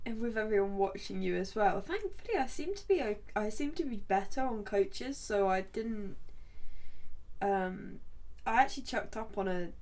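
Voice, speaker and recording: A woman's voice: mid-range voice, lively intonation, moderate pace, darkish tone. A woman co-hosting a podcast in casual chat, telling stories, swearing often and laughing. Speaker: podcast co-host.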